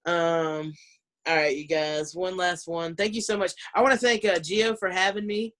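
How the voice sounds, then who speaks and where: A woman's voice: fairly low pitch, fairly even intonation, moderate pace, fairly bright tone. A woman with a Southern US accent doing a brash, profane stand-up set over a video call from home. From Southern United States. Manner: brash, ranting, profane, laughs between lines. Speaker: stand-up comedian. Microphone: computer mic on a video call.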